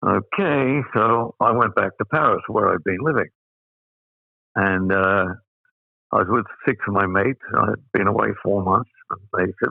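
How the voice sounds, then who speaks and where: An older man in his eighties from Australia tells rambling stories and chuckles as he goes. His low voice is gravelly with fry. It comes through a tinny, phone-like line with a dry sound. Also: moderate pace, no room sound. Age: 80s. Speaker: guest. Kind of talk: anecdotal storytelling.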